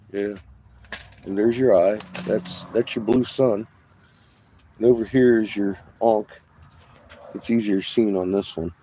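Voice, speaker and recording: A middle-aged man with a low, dark voice talks in a casual, rambling monologue. He swears freely and gets excitable and conspiratorial as he points out shapes in his rocks. He is recording inside an RV. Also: slightly rough. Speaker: vlogger showing rocks.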